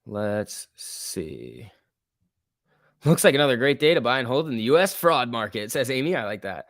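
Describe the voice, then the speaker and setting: A man's voice: medium pitch, animated, fast talker, a bit bright. A man hosts a live stock trading stream, commenting casually on price moves and reading viewer questions aloud. His talk is loose and full of fillers like "like" and "um". The sound is dry, with no room echo. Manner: loose and chatty, with many fillers like "like" and "um"; reads viewer questions aloud and answers them. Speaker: stock trading livestream host. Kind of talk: casual live market commentary, answering chat.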